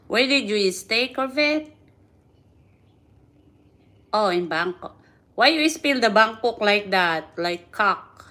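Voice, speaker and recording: A woman's voice: mid-range voice, expressive, unhurried, sharp tone. A woman hosting a casual livestream, chatting and laughing often, speaking as a with simple, repeated phrasing. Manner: chatty, laughs often, repeats words, non-native grammar. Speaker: livestream host.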